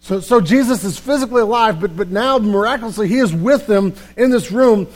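A man pastor preaching a sermon in a church, animated and emphatic, often repeating words as he builds a point. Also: high-pitched, fairly quick. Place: church sanctuary.

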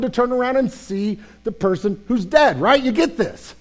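A man preaching an Easter sermon with passion, sometimes dropping his voice low and quiet. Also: normal speed, hardly any pauses. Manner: impassioned, drops to a hushed voice for tender passages. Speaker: pastor.

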